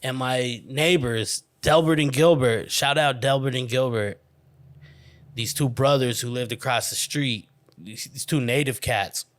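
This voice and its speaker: A man hosting a podcast, telling a childhood story in a rambling, profane, animated way. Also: mid-range voice, measured pace. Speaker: podcast host. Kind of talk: casual storytelling monologue.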